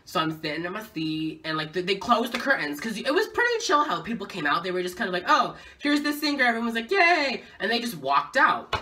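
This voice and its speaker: A young woman vlogger telling a casual story time, excitable and full of swearing. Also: lowish voice, fast talker, hardly any pauses, distant mic, slight background noise.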